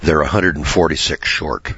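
A man telling a story in a sermon, folksy and stammering, restarting phrases and often clearing his throat. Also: very deep voice, normal speed, sharp tone, no echo, lo-fi sound.

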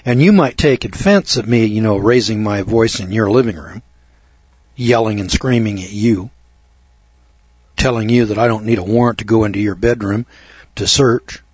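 Husky man telling a rambling story. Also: lowish voice, normal speed, a little mellow, no room sound. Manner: rambling, self-mocking, repeats words. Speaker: speaker addressing an audience. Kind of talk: folksy storytelling lecture. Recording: dull muffled dry recording.

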